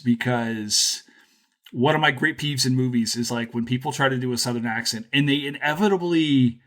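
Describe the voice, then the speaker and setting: A man from Louisiana hosting a podcast, chatting casually with animated, joking asides. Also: medium pitch, normal speed. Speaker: podcast host. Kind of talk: casual chat.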